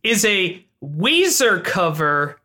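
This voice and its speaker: A young man co-hosting a podcast with his mother, chatting casually with jokey asides. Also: high voice. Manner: jokey, animated, quick asides. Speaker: podcast co-host.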